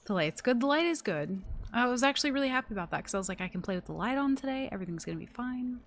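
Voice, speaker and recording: A woman's voice: a little high, animated, very fast, slight background noise. A woman live streaming from her desk at home, chatting casually to viewers in an exasperated, rambling way and swearing a lot.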